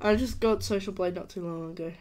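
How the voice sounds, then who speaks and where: A young man hosting a casual live stream chat, talking in a rambling, halting way with frequent restarts. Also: high-pitched, darkish tone.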